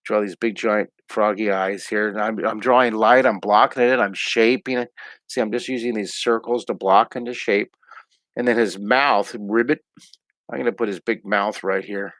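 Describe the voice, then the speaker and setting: A man's voice: on the low side, steady tone, normal speed, fairly bright tone, dry recording. A middle-aged man hosting a live online drawing lesson from home, chatty and upbeat as he talks through each pencil stroke. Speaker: drawing teacher and host.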